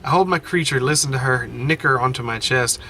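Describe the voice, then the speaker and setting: A man playing a story game at home, reading the text aloud with animated running commentary and frequent self-corrections. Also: medium pitch, fairly quick, gravelly, a little hiss or hum. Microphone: desk mic, wearing headphones.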